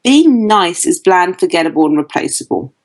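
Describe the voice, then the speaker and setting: A woman's voice: fairly low pitch, big pitch swings, normal speed, rough recording. A woman with a British accent, a dating coach guest on an interview podcast, talking bluntly and emphatically. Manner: emphatic, blunt advice-giving.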